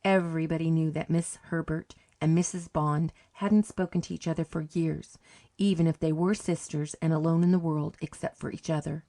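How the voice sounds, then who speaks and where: A woman narrating a short story audiobook in a calm, measured way. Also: low voice.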